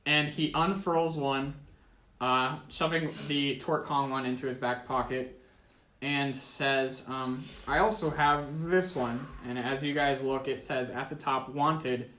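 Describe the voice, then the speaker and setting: A man's voice: mid-range voice, level tone, unhurried, bright, forceful tone. Teen boy running a tabletop game. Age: teens. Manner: casual, laughing often, many ums and uhs. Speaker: game master. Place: school room. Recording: echoey room.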